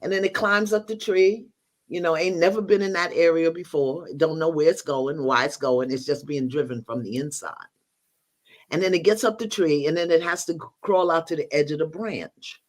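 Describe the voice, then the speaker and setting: A woman's voice: low voice, normal speed. An older woman, a guest teacher in a spiritual conversation, telling stories expressively, acting out bits of dialogue and laughing often.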